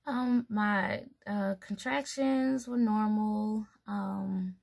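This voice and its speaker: Woman, young adult, gravelly fry, slow unhurried talk, chatty rambling vlog. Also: mid-range voice, steady tone, a little mellow. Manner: chatty, rambling, laughs between thoughts, many fillers. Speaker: mom vlogger. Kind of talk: casual pregnancy vlog.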